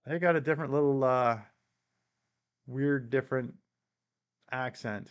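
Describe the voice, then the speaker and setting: A man's voice: medium pitch, a little slow, clean tone, lo-fi sound. Canadian man chatting on a live stream. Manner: reads viewer comments aloud and answers them, chuckling often. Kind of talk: casual live-stream chat.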